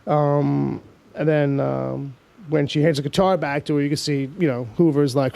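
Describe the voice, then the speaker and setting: A man's voice: medium pitch, fairly even intonation, a little slow, creaky, a little mellow. A man hosting a casual TV recap podcast, rambling with lots of fillers and acting out the scenes he describes. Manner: rambling, fills with "um" and "like", acts out scenes. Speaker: podcast host.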